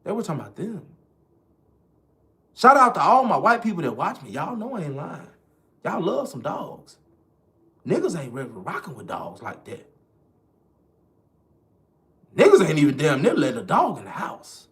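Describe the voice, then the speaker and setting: A man's voice: on the high side, wildly swooping pitch, moderate pace, long pauses, pushed and bright. A man ranting in casual, profane, emphatic commentary straight to his viewers. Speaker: online commentator.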